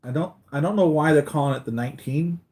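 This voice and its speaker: A man's voice: fairly high pitch, quick pace, a little mellow. Tired, rambling male collector. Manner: rambling, chatty, restarts a lot while talking to viewers. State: tired from a sleepless night. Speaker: collector hosting a live unboxing stream. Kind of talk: casual live-stream chat.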